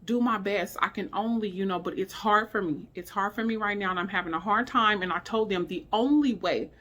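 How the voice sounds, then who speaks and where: A woman's voice: mid-range voice, a little fast, a bit bright. Woman, middle-aged, weary, emotional, rambling vlog talk, filler-heavy, at home. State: weary and low in spirits. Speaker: vlogger. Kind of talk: candid personal vlog talk. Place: indoors at home.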